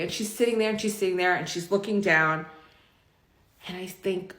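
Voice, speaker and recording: A woman's voice: mid-range voice, fairly quick, a bit bright. Emotional middle-aged woman in an echoey room. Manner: emotional, rambling, frank. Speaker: vlogger. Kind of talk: personal story to camera.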